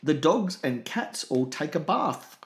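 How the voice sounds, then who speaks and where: A man co-hosting a comedy podcast, full of deadpan asides. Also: a little high, slow, echoey room. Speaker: podcast co-host. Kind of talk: comedic banter.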